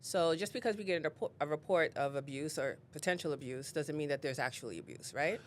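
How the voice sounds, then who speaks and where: A woman who is a guest on an interview show, telling personal stories in an animated way and acting out what people said. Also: sits low, fast. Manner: animated storyteller, acts out quotes. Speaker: guest, real estate leader. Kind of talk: casual interview storytelling.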